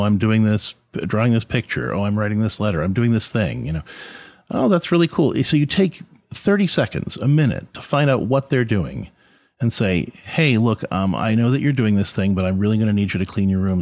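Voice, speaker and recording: Man, podcast host, low voice with lively swings, earnest and conversational, dry close sound. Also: no room sound. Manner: earnest, conversational, many restarts and asides. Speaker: podcast host and parenting speaker. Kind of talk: reflective talk on faith and parenting.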